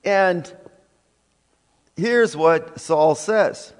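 Slow, deliberate preacher in an echoing hall. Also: male voice, a little high, clear, resonant tone. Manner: emphatic, deliberate, with frequent fillers. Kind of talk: sermon. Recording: long reverb of a hall.

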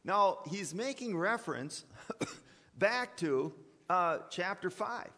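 A man preaching a sermon in a church, animated, often repeating words and slipping into sarcastic asides. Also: high voice, takes it slowly, big-room sound. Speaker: preacher and college teacher.

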